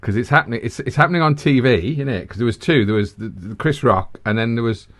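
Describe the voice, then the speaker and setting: Animated man repeating words, teasing. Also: mid-range voice, quick pace. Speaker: podcast co-host. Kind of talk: casual chat.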